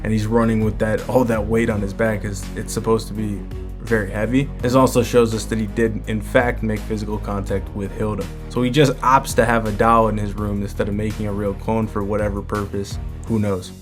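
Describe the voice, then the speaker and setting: A man's voice: on the low side, level tone, brisk, over music. A man hosting a manga breakdown in a casual commentary style, using plenty of "like" and "you know".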